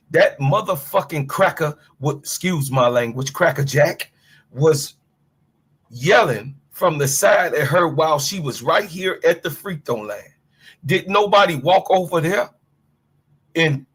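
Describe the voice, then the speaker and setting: A man's voice: on the high side, fairly bright tone, husky. A middle-aged man hosting a sports talk livestream, ranting in a fired-up, blunt way and swearing freely as he speaks to his chat and co-host. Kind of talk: heated livestream rant.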